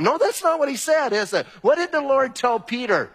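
A man's voice: very high voice, animated, fairly quick, hardly any pauses, husky. A man preaching a sermon as pastor, talking conversationally and repeating key phrases for emphasis. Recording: long hall reverb.

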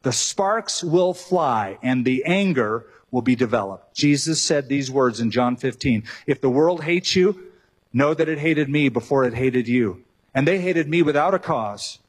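A man preaching a sermon, animated, with joking asides and acted-out quotes. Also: medium pitch, measured pace, slightly rough. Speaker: pastor.

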